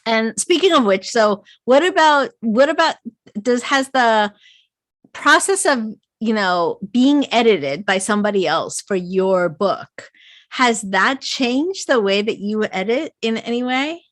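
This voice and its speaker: A woman novelist interviewing an author over a video call, animated, playful and teasing. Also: a little high, a little slow, dry recording. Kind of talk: casual interview chat.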